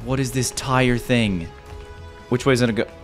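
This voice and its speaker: A young man commentating his own platformer run, excitable, repeating himself and yelping and gasping at near misses. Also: mid-range voice, normal speed, faint music behind. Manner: excitable, repeats phrases, yelps and gasps. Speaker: gaming YouTuber. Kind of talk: let's-play commentary.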